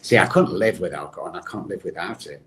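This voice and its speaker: A middle-aged man, a podcast guest and addiction recovery expert, telling his own story in an animated way and addressing the host by name. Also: low voice, fast talker, slight background noise. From England.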